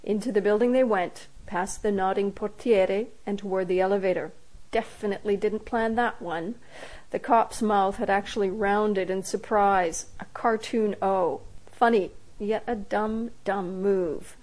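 A woman reading her own story aloud in a wry, animated way, jumping into the characters' voices. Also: mid-range voice, a little slow, poor audio. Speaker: narrator.

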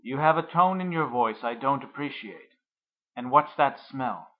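A man reading aloud, voicing a stern, domineering father who scolds and commands loudly. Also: mid-range voice, animated, measured pace, lo-fi sound, lightly acted. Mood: angry.

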